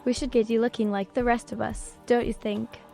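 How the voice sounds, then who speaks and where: A woman voicing a regal ancient queen who speaks in a calm, gently commanding way. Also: a little high, brisk, gravelly, faint music behind. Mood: composed.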